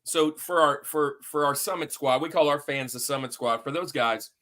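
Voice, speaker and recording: A man's voice: a little high, moderate pace, sharp tone. A man hosting a sports podcast in an upbeat, hype-building, somewhat rambling way. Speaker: podcast host.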